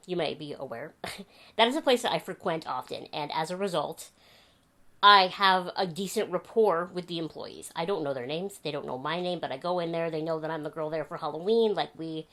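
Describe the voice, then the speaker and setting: A young woman vlogging at home, chatting to the camera and telling animated stories with laughs. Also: deep voice, fairly quick. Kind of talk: casual chat to camera. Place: home bedroom.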